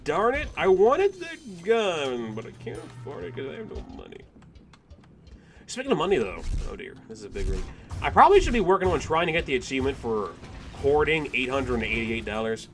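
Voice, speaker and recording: A young man giving casual let's play commentary, animated, exclaiming and groaning at the game. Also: mid-range voice, fast talker, soft background music. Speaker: gaming commentator.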